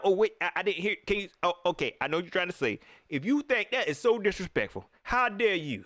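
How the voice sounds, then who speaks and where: A man hosting a live sports show, teasing and preaching in casual, animated commentary. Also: fairly high pitch, normal speed, no echo, clean studio sound.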